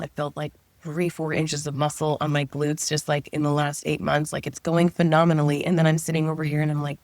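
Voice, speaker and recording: A woman's voice: sits low, little pitch movement, fairly quick, gravelly, no echo. A middle-aged woman, a guest, telling a personal story in a casual, chatty way, often saying 'like' and voicing her own past thoughts aloud.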